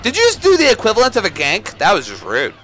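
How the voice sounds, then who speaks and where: A man giving let's play commentary on a shooter game, excitable, swearing and yelling at enemies. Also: sits high, fast talker, some chatter behind. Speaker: gaming YouTuber.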